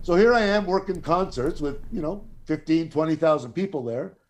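A middle-aged man with a fairly high voice speaks at a moderate pace while telling a long anecdote as a guest storyteller. The casual talk is profane and animated, and he acts out the voices of the people he quotes.

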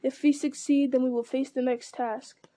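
Storybook reading: woman voicing an aged wizard, solemn and commanding, mellow tone. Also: high voice, level tone, moderate pace, no echo, natural voice. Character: old male wizard, grave and commanding.

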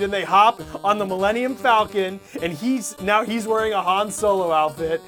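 A man co-hosting a casual chat, talking in an animated, joking way and acting out voices in his stories. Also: sits high, a little fast, hardly any pauses, soft background music. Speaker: podcast co-host.

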